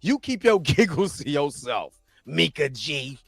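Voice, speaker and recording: Excitable man hosting a live chat. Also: a little high, a little slow, creaky, no echo, faint music behind. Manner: excitable, laughs often, shouts when thrilled. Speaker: show host. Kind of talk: casual live-stream chat.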